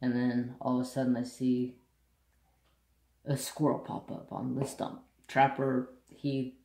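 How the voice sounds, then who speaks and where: A man's voice: medium pitch, completely flat delivery, measured pace, vocal fry, a little mellow, echoey room. A man hosting a craft channel, telling a country story bluntly and saltily in casual chat. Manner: blunt, salty rural storyteller.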